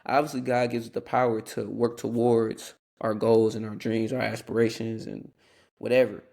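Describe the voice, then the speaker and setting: Young man with a gravelly voice. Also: mid-range voice, flat delivery, moderate pace, a little mellow. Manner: earnest, rambling with restarts and asides. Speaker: podcast host. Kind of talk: casual solo Christian podcast talk.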